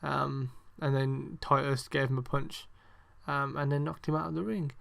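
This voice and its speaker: Mid-range and a bit bright, with vocal fry and fairly even intonation, the young host keeps a moderate pace. His casual wrestling review chat is rambling and sarcastic, exasperated, and packed with swearing and ums.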